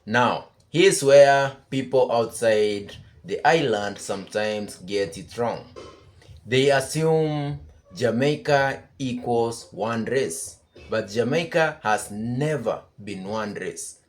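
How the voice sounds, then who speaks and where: A man hosting a commentary video, explaining things in a measured, scripted way. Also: mid-range voice. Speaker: commentary host.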